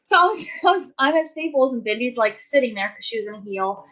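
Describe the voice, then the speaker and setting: A woman tells stories in a casual chat and rants animatedly, full of fillers. Her voice sits high. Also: fast talker, poor audio. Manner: animated ranting with lots of fillers.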